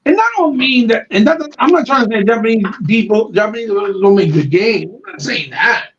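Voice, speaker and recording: A man with a very high voice rants on a podcast, swearing freely and getting fired up as he goes. The sound is dull and lo-fi, as if the treble has been cut away. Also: lively intonation, a little fast, fairly bright tone, slight background noise. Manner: profane, fired-up, ranting. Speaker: podcast co-host. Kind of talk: heated casual podcast rant.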